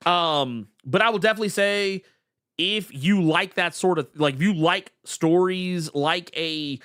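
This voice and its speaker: A man co-hosting a podcast, chatting casually about comics with animated stammering restarts. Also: high voice, measured pace, clear, resonant tone. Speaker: podcast co-host. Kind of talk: casual comic book chat.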